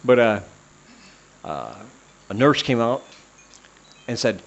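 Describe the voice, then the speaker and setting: A man's voice: mid-range voice, big pitch swings, slow pace, pauses often. A man with a mid-range voice tells a comic story from his own life, rambling along and making fun of himself. His audio is slightly dull and lo-fi. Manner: rambling, self-deprecating, many "uh" fillers. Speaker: podcast host. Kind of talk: comedic personal storytelling.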